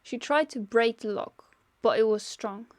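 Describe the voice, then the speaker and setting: A woman reads her own story aloud in a relaxed, homemade way, now and then tripping over names and correcting herself. Her voice sits fairly high. The recording is close and dry. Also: unhurried, no echo. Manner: casual, self-correcting reader. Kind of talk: casual story reading.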